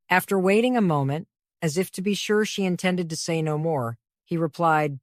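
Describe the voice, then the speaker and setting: A woman narrating a classic novel in a measured, even reading voice. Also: on the low side, no room sound, studio quality.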